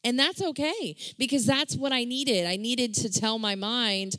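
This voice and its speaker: A woman's voice: a little high, a little slow, hardly any pauses, a bit bright, dry recording. A woman in a casual church discussion, speaking earnestly and encouragingly about finding strength in scripture.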